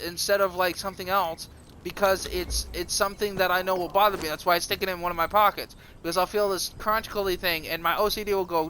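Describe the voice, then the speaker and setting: A man's voice: sits high, pushed and bright, slight background noise. A man streaming live, ranting in a profane, defiant and self-mocking way. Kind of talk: rambling livestream monologue.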